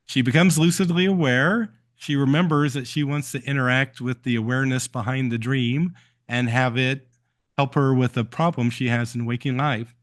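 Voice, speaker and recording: A man hosting a live stream who answers viewer questions and tells stories in a relaxed way, with frequent ums and uhs. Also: medium pitch, normal speed.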